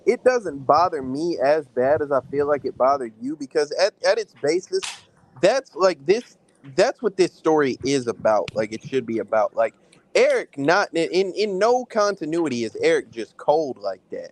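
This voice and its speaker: A man in a casual film review chat, with a voice pitched a little higher than most men. He talks fast and loose, full of slang and cursing, and he is animated as he breaks down scenes. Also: poor audio. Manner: animated, profane, slangy storytelling. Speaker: podcast co-host reviewing films.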